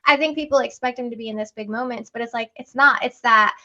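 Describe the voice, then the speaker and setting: A woman's voice: a little high, quick pace, bright, forceful tone. A woman in her thirties chatting casually and emotionally about her kids as a podcast co-host. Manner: chatty, emotional, laughing often. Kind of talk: casual chat. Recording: lo-fi muffled audio.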